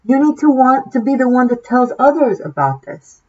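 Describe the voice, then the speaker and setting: A woman's voice: high-pitched, sing-song, normal speed, mellow. A woman tarot reader giving an impassioned, preachy monologue, swearing freely and restarting her sentences often. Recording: dull lo-fi sound.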